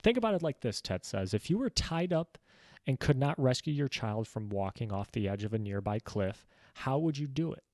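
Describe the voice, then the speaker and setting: A man's voice: mid-range voice, sing-song, moderate pace, darkish tone, no room sound. Easygoing young man, dry close sound. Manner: easygoing, rambling, many "like" fillers. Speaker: book reviewer. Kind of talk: casual book summary monologue.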